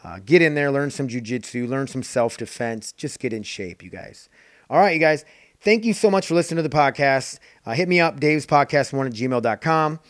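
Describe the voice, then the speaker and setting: A man's voice: medium pitch, lively intonation, brisk, no echo, clean studio sound. A man hosting his own podcast, rambling in an offhand, casual way and swearing freely. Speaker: podcast host. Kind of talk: casual solo podcast chat.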